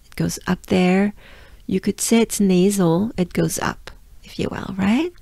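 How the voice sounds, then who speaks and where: A woman's voice: mid-range voice, a little slow, gravelly, mellow, dry recording. A woman from France with a French accent, patiently teaching pronunciation and repeating sounds many times. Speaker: pronunciation coach. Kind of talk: pronunciation lesson.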